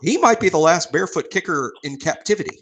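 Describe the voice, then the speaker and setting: A man's voice: high voice, lively intonation, fast, fairly bright tone, a little hiss or hum. A man hosting a podcast, talking in a dry, wry, self-deprecating way. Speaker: podcast host. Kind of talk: casual chat.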